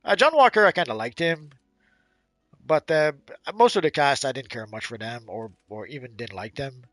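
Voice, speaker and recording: Halting, bright-voiced man chatting. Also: mid-range voice, animated, faint music behind. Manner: halting, repeats words, trails off; blunt, opinionated. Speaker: co-host of a game livestream. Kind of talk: casual chat.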